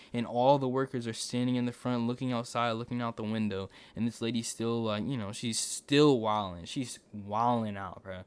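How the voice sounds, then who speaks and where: A man's voice: fairly low pitch, clear, resonant tone. Slangy man telling a story. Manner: slangy, animated retelling with side tangents. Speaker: storytime YouTuber. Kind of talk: casual storytelling.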